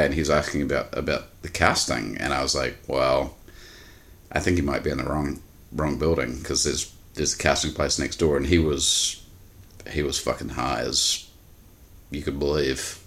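Very deep-voiced male podcast co-host, rambling and casual. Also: steady tone, normal speed, gravelly, fairly bright tone. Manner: rambling anecdotes full of fillers. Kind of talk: casual chat.

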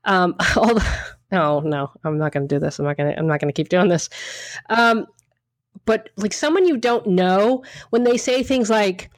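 In a clean studio recording with no room sound, a woman with a mid-range voice co-hosts a casual chat at a moderate pace. She talks frankly and emphatically, swears a little, and rambles with lots of restarts.

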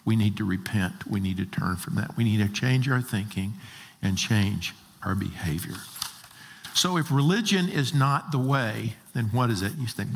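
A man's voice: fairly low pitch, expressive, normal speed, creaky, slight background noise. A man preaching a sermon as a pastor, emphatic and full of rhetorical questions. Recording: long reverb of a large hall.

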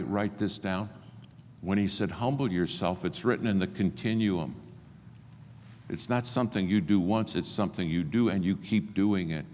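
An older man preaching a sermon, telling stories and acting out the dialogue with big swings in pitch and loudness. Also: a little hiss or hum. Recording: long hall reverb, faint ambience.

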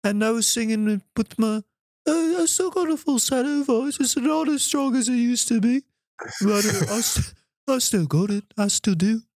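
A man's voice: extremely high pitch, normal speed, darkish tone, no echo, voice pushed up. A man doing an impression of an older male rock star from Liverpool, rambling and self-assured.

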